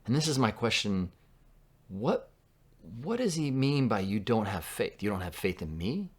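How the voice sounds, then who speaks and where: A man from Southern California preaching a sermon in a conversational way, dropping to a hush for quoted lines. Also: on the low side, big pitch swings, moderate pace. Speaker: pastor.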